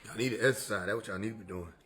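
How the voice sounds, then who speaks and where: A man's voice: fairly low pitch, very fast, a bit bright, a little hiss or hum. A man chatting casually on a livestream, laid-back and slangy, laughing often. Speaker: livestream host.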